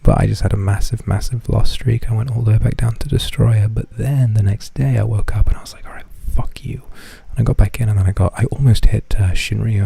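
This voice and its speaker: A man streaming in a casual chat, talking in a hushed half-whisper, rambling and swearing casually. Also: lowish voice, gravelly, breathy edge. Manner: profane, self-deprecating.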